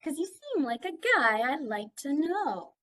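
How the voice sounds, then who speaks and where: A woman's voice: high voice, very animated, unhurried, fairly bright tone, voice pushed up, heavily acted. A woman doing a squawky mangy old crow. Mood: teasing. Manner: squawky, teasing.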